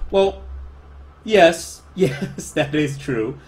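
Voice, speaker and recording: A man's voice: on the high side, drawn-out words, a little mellow. A man with a Spanish accent, a livestreaming artist chatting casually, rambling and self-deprecating as he answers chat.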